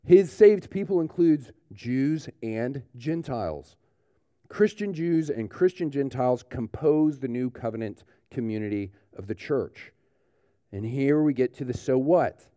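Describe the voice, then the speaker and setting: A man preaching a sermon in a relaxed, conversational way, often dropping in "like" and "you know". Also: mid-range voice, measured pace, no echo, clean studio sound. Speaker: pastor. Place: church.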